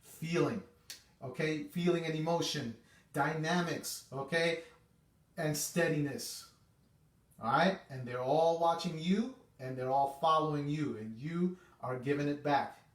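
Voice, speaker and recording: A man with a slightly high voice gives a casual music lesson, chatty and repeating himself as he checks in with his students. He sounds set back from the mic in an echoey room. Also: a little slow, far from the mic. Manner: chatty, repeats itself, says okay often. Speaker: music teacher.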